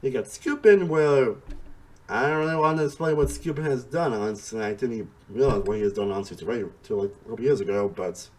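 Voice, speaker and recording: A man's voice: mid-range voice, fast talker, a little mellow. A man giving a casual, rambling spoken review, repeating himself and saying "honestly" often.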